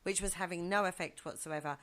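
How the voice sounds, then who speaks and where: Woman, low and bright voice, chatty studio guest who acts out quotes. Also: fairly quick. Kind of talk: casual radio chat. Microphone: studio microphone.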